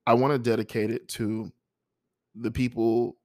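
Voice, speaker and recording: A man, a father, reading his own poems and talking through painful holiday memories in a halting, heartfelt way with sighs and restarts. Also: mid-range voice, level tone, a little mellow, no echo, studio quality. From United States. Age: adult, a father. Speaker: poet sharing his poems. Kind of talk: emotional spoken-word reading and personal reflection.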